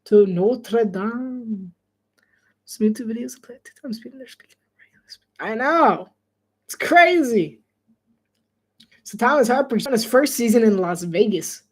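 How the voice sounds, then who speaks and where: A man's voice: very high-pitched, animated, moderate pace, long pauses, slightly rough. A man doing casual live play-by-play commentary on his own, chatty and self-deprecating and laughing often. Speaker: solo sports commentator.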